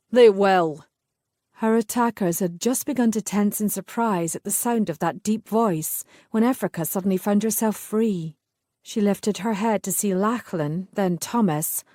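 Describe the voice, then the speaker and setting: A woman narrates a scripted historical romance audiobook in a measured, even storytelling style. Her voice is medium-pitched, and the studio-quality recording has no echo.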